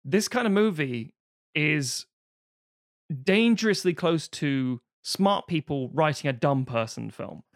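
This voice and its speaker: Animated, swearing man reviewing films. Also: slow pace, dry recording, studio quality. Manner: swearing, animated, acts out quotes in sudden high voices. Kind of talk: casual film review chat.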